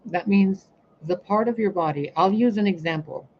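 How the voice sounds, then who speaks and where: A woman's voice: mid-range voice, normal speed, dull audio, slight background noise. A woman, a spiritual reader and healer, ranting bluntly and profanely on her own live stream. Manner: blunt, profane, animated, acts out other people's lines. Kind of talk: casual live-stream rant.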